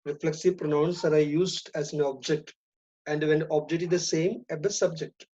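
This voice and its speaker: A woman teaching an English grammar lesson, speaking deliberately, repeating and stressing key terms. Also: deep voice, steady tone, dark tone, husky. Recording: dull lo-fi recording.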